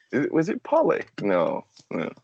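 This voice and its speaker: A man's voice: mid-range voice, breathy edge, no room sound, highs cut off. A man hosting a casual podcast chat, loose, sweary and joking. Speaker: podcast host.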